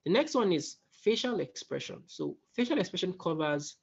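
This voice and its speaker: A man teaching a soft-skills workshop in a conversational way, often checking in with his listeners. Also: sits high, sing-song, normal speed, gravelly, husky, dull audio. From West Africa. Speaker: workshop facilitator.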